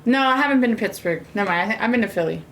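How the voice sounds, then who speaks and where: A woman's voice: on the high side, expressive, rapid-fire, a little hiss or hum. A young American woman chatting casually with viewers while she cooks, sassy and rambling with lots of fillers. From United States. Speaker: streamer cooking and chatting with viewers. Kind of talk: casual live-stream chat.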